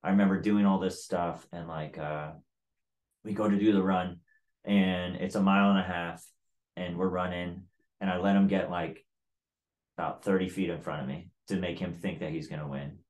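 A man's voice: deep voice, fairly even intonation, moderate pace, a little mellow, lo-fi sound. A man telling a story in casual chat, blunt and profane, with lots of "like" in his talk.

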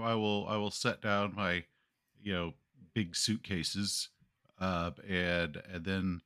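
A man's voice: deep voice, fairly bright tone, no echo, studio quality. A man playing a tabletop horror game, talking through his character's actions in a hesitant, musing way with lots of fillers. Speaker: player.

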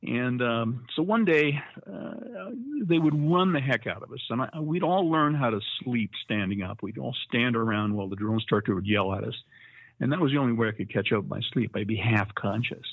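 A man's voice: medium pitch, brisk, gravelly, no echo. A man in his seventies, a Marine veteran guest, telling his stories in a folksy way and laughing at them over a tinny line. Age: 70s. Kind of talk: casual storytelling interview. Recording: dry, tinny phone-like line.

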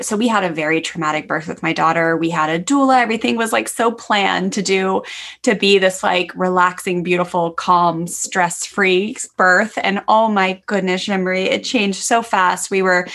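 A woman's voice: fairly low pitch, fairly bright tone. A woman in her thirties hosting a casual talk, enthusiastic and effusive as she responds and shares her own story. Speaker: podcast host. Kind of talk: casual chat.

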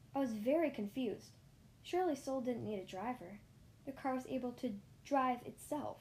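A woman reads a children's story aloud in a lively first-person telling. Her voice sits a little high. She now and then stumbles on a word and starts it again. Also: moderate pace, slight background noise. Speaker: narrator.

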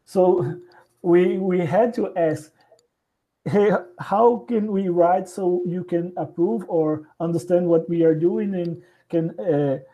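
Slow, halting Brazilian man. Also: high voice, dark tone, poor audio. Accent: Brazilian Portuguese. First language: Portuguese. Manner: halting, restarts often, searching for words. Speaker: guest. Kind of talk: casual interview conversation.

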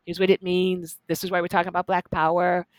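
A woman's voice: on the low side, flat delivery, fairly quick, no room sound, close to an everyday voice. A woman putting on the voice of a female classmate, firm and declarative, in a retold story. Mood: insistent. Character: insistent Black woman student from the South.

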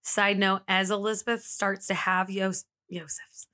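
A woman's voice: mid-range voice, little pitch movement, unhurried, bright, forceful tone. A woman hosting a podcast, telling a true-crime story in a casual, chatty way with lots of "like" fillers. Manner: chatty, frequent "like" fillers, laughs easily. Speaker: podcast host.

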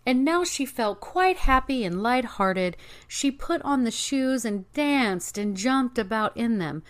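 A woman narrating a fairy tale in a measured, expressive reading. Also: fairly high pitch. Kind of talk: storybook narration.

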